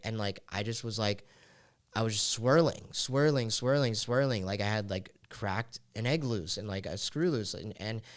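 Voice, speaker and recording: A podcast host with a fairly low-pitched, clean-toned voice shares a personal story. He speaks in a raw, confessional way, peppering his talk with casual fillers like "like."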